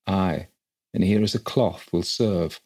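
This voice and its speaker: A man's voice: low voice, takes it slowly, mellow. A man voicing a stern, scheming older mother who speaks in an urgent, commanding way.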